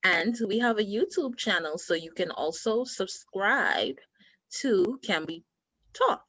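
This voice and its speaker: A woman's voice: mid-range voice, animated, takes it slowly, fairly bright tone, dry recording, rough recording. Woman host chatting, dry close sound, keeps agreeing. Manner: enthusiastic agreement. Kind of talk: casual chat.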